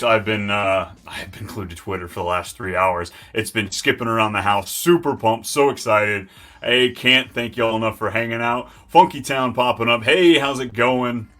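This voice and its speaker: A man hosting a live fantasy football stream, talking in an excitable, hyped and rambling way. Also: on the low side. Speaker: host.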